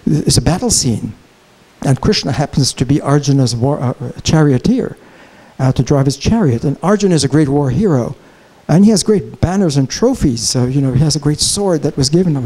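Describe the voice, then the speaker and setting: A man giving a conference keynote lecture, telling a story in an animated, digressive way. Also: fairly high pitch, husky, poor audio. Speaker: keynote speaker. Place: conference hall, Chicago.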